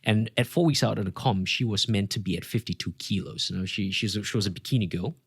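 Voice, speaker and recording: A man's voice: on the low side, fast, husky, no echo. A man, a fitness coach from Australia, talking as a podcast guest, telling stories animatedly and acting out what people said. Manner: animated storyteller acting out quotes. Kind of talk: casual podcast conversation.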